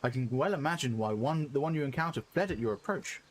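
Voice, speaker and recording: A man voicing a calm, gracious elder woman leader in stately, archaic phrasing. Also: mid-range voice, fast talker, a little hiss or hum, natural voice.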